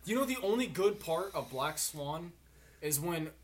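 A man's voice: a little high, animated, unhurried. A drunk young man telling a rambling, profane story in casual chat with friends.

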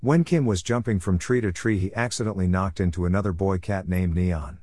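Deep-voiced man reading a story aloud. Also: darkish tone, dry recording. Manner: halting reading with small restarts.

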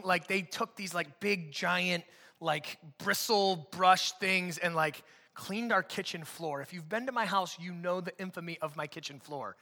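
A man in his thirties preaching a sermon in a church, animated and joking, acting out quotes. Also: sits high, in a large hall. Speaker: pastor. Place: church auditorium.

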